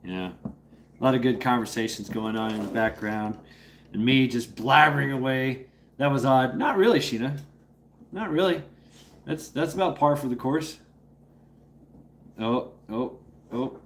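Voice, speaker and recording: Speaking unhurriedly in a mid-range voice and pausing often, a man runs a casual live stream. He rambles in a playful way, says hello to viewers by name and coaxes his dog in between.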